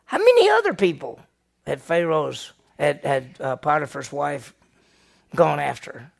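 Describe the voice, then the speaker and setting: A middle-aged pastor teaches a Bible study lesson with animation, firing questions at the class and answering them himself. His voice sits on the high side with vocal fry, at a measured pace.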